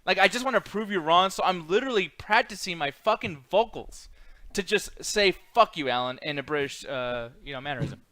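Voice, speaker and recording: A man co-hosting a casual chat show, loud and swearing, often breaking into laughter. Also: high-pitched, animated, a little fast. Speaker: co-host.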